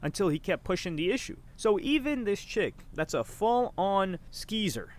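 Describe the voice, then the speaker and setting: A man's voice: high voice, big pitch swings, moderate pace. A man hosting a casual reaction stream, reading out text messages and mocking them in slangy, incredulous commentary.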